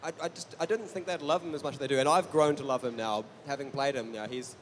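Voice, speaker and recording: A man game master on a convention panel, rambling in a soft-spoken, self-deprecating way. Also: medium pitch, fast, slight background noise. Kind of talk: casual panel chat.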